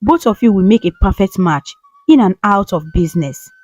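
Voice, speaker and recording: A woman's voice: medium pitch, lively intonation, normal speed, darkish tone, dry recording, natural voice. A woman voicing an insistent mother who is set on matchmaking her son, in a storybook reading.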